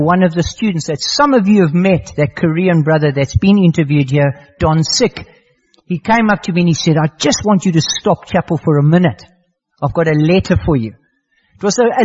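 A man's voice: a little high, a little mellow. An older man preaching a sermon, telling a personal story in an earnest way and repeating phrases for emphasis. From South Africa. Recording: muffled lo-fi sermon recording.

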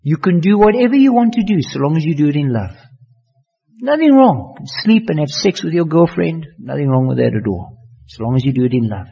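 A male preacher voicing a permissive university ethics lecturer in a lower, breezy tone. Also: very animated, fairly quick, gravelly, husky, muffled recording, heavily acted.

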